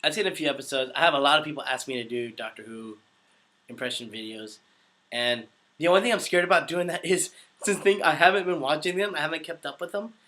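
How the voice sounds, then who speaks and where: Bright-voiced young man chatting with viewers. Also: on the high side, fast talker. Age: young adult. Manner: chatty, laughs often, reads viewer questions aloud. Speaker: voice actor answering live chat. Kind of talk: casual live-stream chat.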